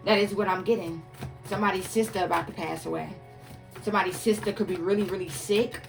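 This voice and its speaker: A woman's voice: mid-range voice, steady tone, quick pace, gravelly, music in the background. A woman doing a casual tarot reading for her viewers, emphatic and profane, calling them "y'all" and "collective" again and again. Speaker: tarot reader.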